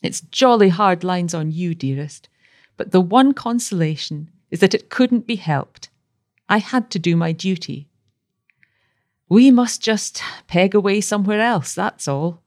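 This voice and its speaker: A woman voicing a brave young husband recovering in a sickbed, with an excited, exclaiming manner. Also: on the low side, a little slow, dry recording, clean studio sound. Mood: tender, resigned.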